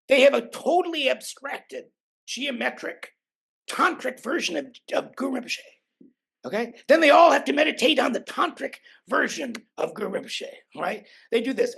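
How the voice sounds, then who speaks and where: An older man speaks as a podcast guest in a gravelly, husky voice that ranges widely up and down. He tells his stories emphatically and swears freely. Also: extremely high pitch, a bit bright. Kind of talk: animated conversational storytelling.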